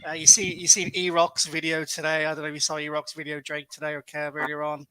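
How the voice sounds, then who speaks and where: An Irish man talks fast and eagerly, stumbling over restarts as he gets worked up. His voice is fairly high and very bright. The sound is close and dry. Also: smooth, dry recording, rough recording. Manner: excitable, stammering restarts. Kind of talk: casual fan chat.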